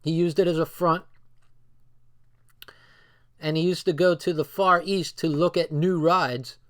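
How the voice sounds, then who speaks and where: A man's voice: on the high side, fairly even intonation, measured pace, a bit bright. A man casually reading a book aloud and breaking off into loose, swearing asides. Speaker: book reader and commentator.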